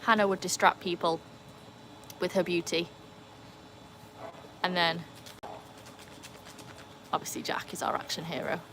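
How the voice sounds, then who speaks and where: A woman's voice: on the low side, level tone, measured pace, pauses often, background noise. A British woman streaming live from home with her dogs, chatting casually as she reads and answers the chat. She rambles, with plenty of "like" and "um". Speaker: live streamer, dog owner. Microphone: phone.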